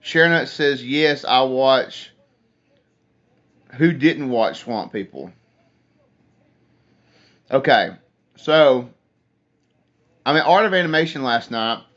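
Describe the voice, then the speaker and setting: A man's voice: medium pitch, expressive, slow pace, long pauses, a bit bright. A young man, hosting a casual phone livestream, telling a rambling story and reading viewer comments aloud. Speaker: livestream host. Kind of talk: casual live chat with viewers. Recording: dull lo-fi phone stream audio.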